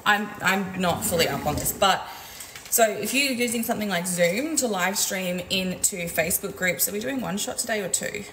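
A woman's voice: mid-range voice, normal speed, a bit bright, a little hiss or hum, low-quality recording. A woman who coaches businesses, venting in a casual, frank and profane vlog while making coffee at home. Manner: frank, profane, exasperated, chatty. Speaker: business coach and community owner. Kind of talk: casual vlog rant to camera.

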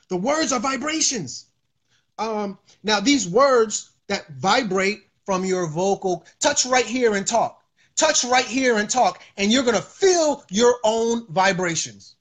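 Man, high voice, livestream host, casual preachy monologue, repeats himself. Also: expressive, moderate pace, husky. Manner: loose and preachy, with lots of fillers, repeats lines for emphasis.

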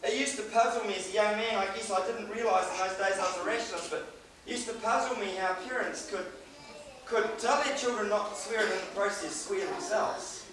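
A New Zealand preacher delivers a chatty sermon with a strikingly high, bright voice. He stands well back from the microphone in a big echoing church hall. A faint hiss runs under the recording. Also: brisk. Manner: conversational, joking asides. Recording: echoey hall, distant mic, faint hiss.

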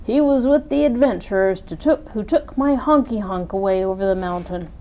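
A woman voicing a gruff, cautioning hill troll in a read-aloud storybook. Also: medium pitch, moderate pace, dark tone, close to an everyday voice, poor audio. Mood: warning.

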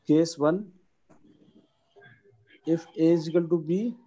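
A man, teaching a maths lesson and dictating each step slowly. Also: a little high, warm tone, low-quality recording.

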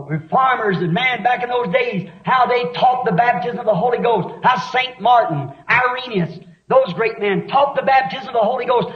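A high-pitched, middle-aged preacher delivers a fiery revival sermon, swinging from storytelling into shouted appeals. His voice rings through an echoey meeting hall. The sound is a dull, lo-fi 1960s tape. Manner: impassioned, storytelling, rising to shouts.

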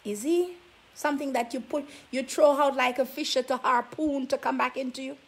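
A woman's voice: high voice, normal speed, husky. A woman vlogger giving relationship advice, scolding her listeners with sassy rhetorical questions. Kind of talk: preachy talk to camera.

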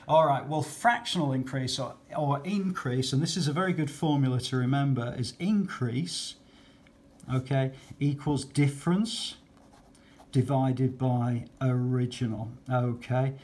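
A man's voice: medium pitch, darkish tone. A man talking through maths exam questions in a patient, chatty way, often checking in with "okay". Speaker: maths teacher.

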